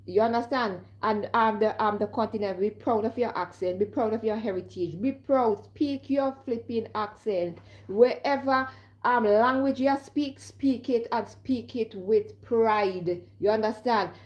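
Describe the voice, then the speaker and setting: A woman's voice: fairly high pitch, unhurried, dull audio. A woman with a Caribbean accent talking casually to her viewers as a live streamer, emphatic and repeatedly asking if they understand. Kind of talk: casual direct-to-camera monologue.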